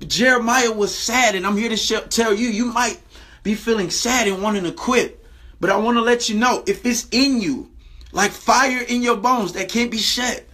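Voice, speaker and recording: A man with a high, bright voice preaches a Bible lesson straight to his viewers. He talks emphatically and keeps repeating his phrases. He slows down to stress each scripture line and keeps checking in with "right?". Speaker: preacher and video host.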